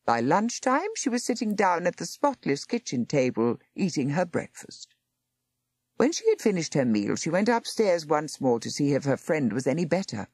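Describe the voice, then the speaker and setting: A woman narrating a story aloud in an expressive storytelling manner. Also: low-pitched, normal speed, slightly rough, no room sound, studio quality. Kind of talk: audiobook narration.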